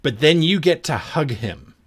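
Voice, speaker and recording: A man acting as game master for a tabletop game, his voice sitting fairly high and swinging widely in pitch. He narrates the fight and rules the dice in quick, animated bursts, laughing often. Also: slightly rough.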